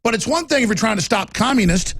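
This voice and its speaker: Gravelly, ranting male talk show host. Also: sits high, lively intonation, fast talker, dry recording. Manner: ranting, emphatic, shouts at times. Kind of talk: heated political monologue.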